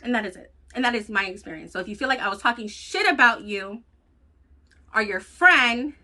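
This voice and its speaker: A woman vlogger telling a personal story in a blunt, profane, animated way. She has children. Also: mid-range voice, quick pace. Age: adult with children. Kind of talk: casual storytelling vlog.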